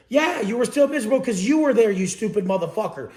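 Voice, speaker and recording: A man's voice: sits high, lively intonation, fairly quick, hardly any pauses, darkish tone, reverberant. A man giving a blunt, profane motivational talk as a coach, preaching to his audience.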